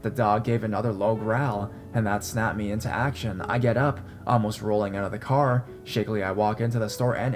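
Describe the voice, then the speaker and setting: A young adult man narrating a horror story in a measured, tense manner. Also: fairly low pitch, steady tone. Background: faint guitar music.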